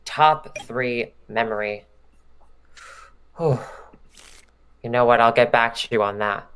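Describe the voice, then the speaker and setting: An excitable commentator calling a card game match with emphatic hype. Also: medium pitch, slow pace, smooth. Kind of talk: lively play-by-play commentary.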